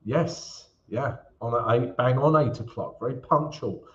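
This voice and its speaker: English man, live trading stream host, chatty and joking, mid pitch, slightly dull audio. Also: a little slow. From England. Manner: chatty, greets viewers by name, jokes between chart talk. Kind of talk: live-stream Q&A and chart analysis.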